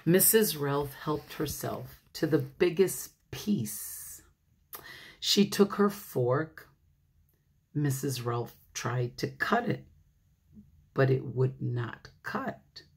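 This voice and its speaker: A woman pastor reading a picture book aloud to children, animated, laughing often and talking to her listeners. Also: a bass voice, extremely slow, slightly rough.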